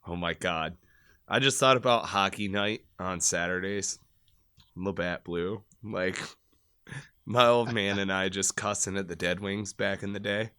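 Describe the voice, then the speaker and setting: A man in his thirties from Michigan, a podcast guest telling crude, loud, profane stories in a casual chat and bursting into shouted re-enactments. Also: low voice, a little slow, clean tone, dry recording, studio quality. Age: 30s.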